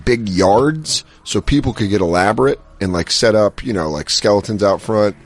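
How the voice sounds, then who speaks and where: A man co-hosting a casual chat show, telling stories with lively delivery and putting on little voices. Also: fairly low pitch, normal speed. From American. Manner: animated storyteller, acts out voices and shouts. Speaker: podcast co-host.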